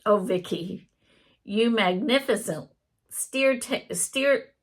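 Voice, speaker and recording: A woman's voice: mid-range voice, slow. A woman reading out the lines of a sarcastic, wry male AI chatbot in a theatrical way. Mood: teasing.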